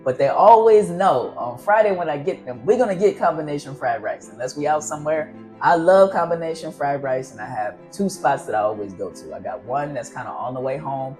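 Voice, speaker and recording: A man's voice: on the high side, expressive, fairly quick, darkish tone, soft background music. A man vlogging casual, earnest advice on fatherhood, rambling and encouraging as he talks to his viewers. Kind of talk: casual advice talk to camera.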